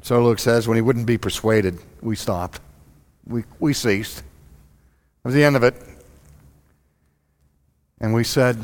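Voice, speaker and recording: A man preaching a sermon in an animated way, firing rhetorical questions at his congregation. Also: medium pitch, takes it slowly, pauses often, long reverb tail.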